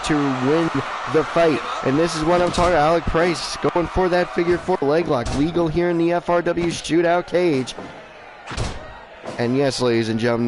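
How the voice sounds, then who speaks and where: A man working as ring announcer and commentator, stretching out fighter introductions, then calling the action in a chatty, fast-talking way. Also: medium pitch, background noise.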